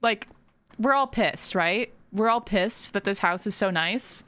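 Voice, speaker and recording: Talking to her chat at a measured pace, a gamer streams while she plays, keeping things casual and breaking into frequent giggles. She has a medium, fairly bright voice, and the recording has no echo.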